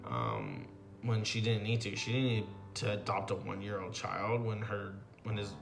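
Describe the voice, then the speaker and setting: A young man in his twenties, a graduate student telling his personal story in an interview, speaking haltingly with many pauses and fillers. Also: fairly low pitch, animated, creaky, faint music behind. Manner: halting, reflective, with frequent ums and likes.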